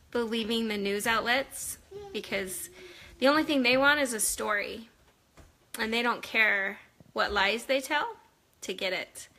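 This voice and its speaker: A woman talking earnestly to supporters on a phone livestream from home, chatty and warm in her storytelling. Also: fairly high pitch, slight background noise. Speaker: wife giving a family update to supporters. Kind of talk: casual livestream talk.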